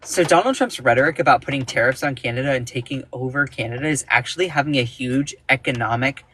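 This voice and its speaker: A man giving casual, indignant political commentary on a livestream, emphatic, with sudden jumps in pitch. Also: quick pace, bright, forceful tone, husky. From United States.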